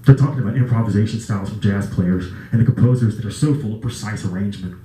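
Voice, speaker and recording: A man's voice: fairly low pitch, fast talker, warm tone, reverberant, rough recording. A man performing spoken word poetry at an open mic, with a repetitive, incantatory chanting delivery and occasional casual asides. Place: small live music venue, indoors.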